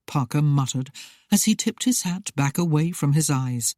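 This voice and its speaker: An audiobook narrator reading a historical romance in a steady, even way. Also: mid-range voice, normal speed, dry recording, clean studio sound.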